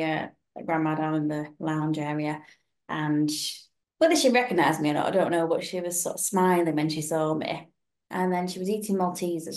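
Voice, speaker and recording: A young woman chatting on a podcast with a fairly low voice. She tells her stories with energy and slips into the voices of the people she quotes. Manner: animated storytelling, acting out quoted voices. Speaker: podcast co-host. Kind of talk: casual chat.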